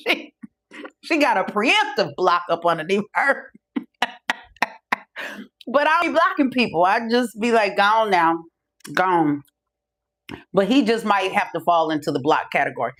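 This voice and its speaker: A woman's voice: medium pitch, big pitch swings, normal speed, long pauses, fairly bright tone. A middle-aged woman hosting a podcast, telling stories in a casual, profane style, acting out the other people's voices, from a room at home. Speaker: podcast host. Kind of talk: casual storytelling monologue.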